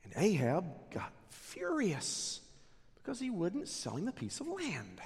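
A man preaching a sermon, retelling a scripture story with animated, dramatic delivery. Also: sits high, measured pace, gravelly, slightly rough. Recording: echoey hall reverb.

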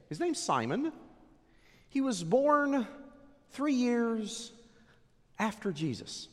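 A man's voice: sits high, in a large hall. Male preacher with a wildly swinging voice. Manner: dramatic preaching, swings from loud to hushed. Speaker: pastor. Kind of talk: sermon.

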